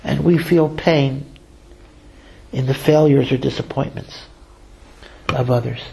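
A man giving a storytelling sermon, lively, slowing to stress key lines and acting out the voices he quotes. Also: mid-range voice, creaky, poor audio. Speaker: rabbi.

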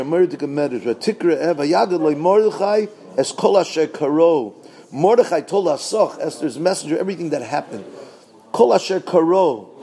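A man teaching a Purim Torah talk, asking rhetorical questions and answering them, swinging between loud bursts and low asides. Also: gravelly.

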